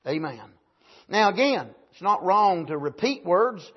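A high-pitched male preacher with a husky, slightly breathy voice, delivering a sermon in swelling emphatic bursts and frequent amens. The recording is dull and lo-fi. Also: big pitch swings, unhurried. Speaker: pastor.

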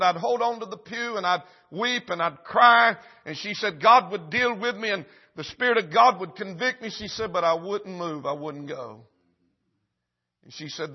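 A man preaching a revival sermon in a church service, swinging from loud urgent preaching to hushed, drawn-out lines. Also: high-pitched, muffled recording.

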